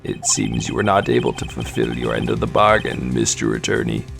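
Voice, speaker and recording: A man doing a low, gravelly cold assassin. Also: a little fast, soft background music, exaggerated voice. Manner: calm, formal, menacing. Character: cold, polite adult male assassin on a radio. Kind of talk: fan voice acting of a game.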